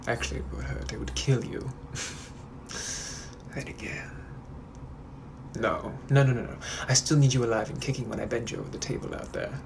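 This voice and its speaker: A man voicing a suave, menacing 1800s British gentleman with a British accent, who drawls and flirts in a breathy, often whispered voice for comedic POV role-play. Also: mid-range voice, normal speed, background noise, lightly acted. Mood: teasing menace. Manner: flirtatious and softly threatening, drawling.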